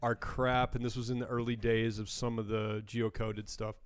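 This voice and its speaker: A man's voice: medium pitch, level tone, moderate pace. A man on a podcast tells a casual story from his days answering emergency calls. He talks in an ordinary mid-range voice and breaks into laughter as the story lands. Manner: laughing through his own anecdote. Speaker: podcast co-host.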